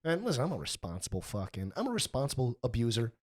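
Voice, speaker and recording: A young man hosting a podcast, telling stories in a casual, animated, profane way. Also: mid-range voice, quick pace, a little hiss or hum. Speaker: podcast host. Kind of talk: casual chat.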